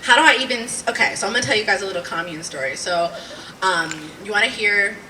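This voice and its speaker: A woman in her twenties or thirties doing a stand-up comedy set, rambling and animated, swearing and laughing at her own jokes. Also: medium pitch, fast talker. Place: small live comedy venue. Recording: distant mic with audible room noise.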